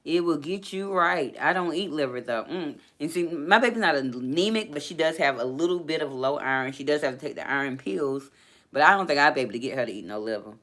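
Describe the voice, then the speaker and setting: Woman, live-stream host, casual comment chat, bright voice, animated, laughs a lot. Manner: chatty and animated, laughs often, quick pitch jumps. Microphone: laptop.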